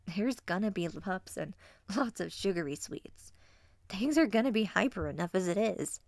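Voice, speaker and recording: A woman voicing a calm grown wolf man, easygoing and amused, in a storybook reading. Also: mid-range voice, moderate pace, no room sound, studio quality, lightly acted.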